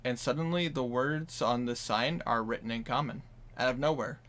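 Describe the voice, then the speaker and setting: A man with a Minnesotan accent runs a tabletop game over voice chat. His voice sits at a middling pitch, and he narrates in a loose, rambling way full of fillers. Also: moderate pace, fairly bright tone. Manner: rambling, casual descriptions with many fillers. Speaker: game master.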